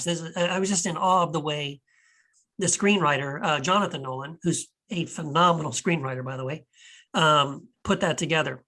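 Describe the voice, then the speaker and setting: An enthusiastic man, a podcast host and author, leads a loose, unscripted chat about films, rambling, restarting sentences and asking puzzled rhetorical questions with lots of animation. His voice is fairly high, bright and forceful, at a normal speed.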